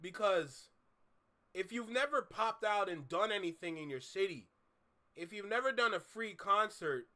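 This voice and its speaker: A man's voice: high voice, expressive, normal speed, pushed and bright. A man hosting a reaction video, ranting heatedly and swearing as he reacts. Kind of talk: casual reaction commentary.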